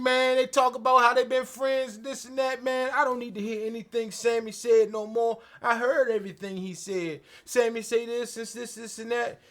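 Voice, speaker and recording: A man with a fairly high voice hosts a comedic wrestling recap. His talk is loose, profane and rambling, and nearly every line ends with "man.". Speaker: host.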